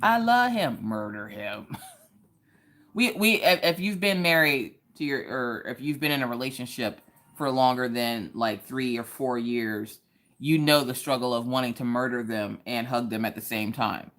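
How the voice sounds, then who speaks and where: A woman's voice: extremely low pitch, moderate pace, a bit bright. A woman hosting a casual craft livestream, chatting playfully, laughing often and reading viewer comments aloud. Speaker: livestream host.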